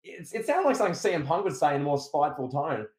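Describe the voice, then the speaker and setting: Australian podcast co-host, lively, bit higher voice, roomy echo. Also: male voice, fast. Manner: animated, acts out quoted promos. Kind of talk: casual wrestling recap chat.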